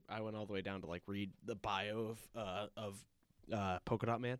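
A man chatting casually as a podcast co-host about a movie, halting and restarting often. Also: fairly low pitch, fairly bright tone, smooth, no room sound. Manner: halting, with many restarts and laughs.

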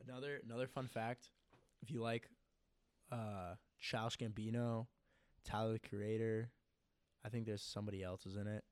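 A man's voice: lowish voice, fairly even intonation, moderate pace, pauses often, smooth, no echo. A young man co-hosting a casual podcast, rambling through stories with a lot of "like" fillers. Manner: rambling, filler-heavy storytelling. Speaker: podcast co-host. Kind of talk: casual chat.

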